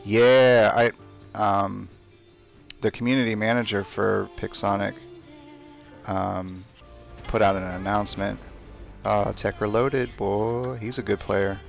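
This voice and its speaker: Gravelly low-voiced man streaming a game. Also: little pitch movement, slow pace, pauses often, faint music behind. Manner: chatty, talks to himself while playing, trash-talks opponents. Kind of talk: casual live gameplay commentary.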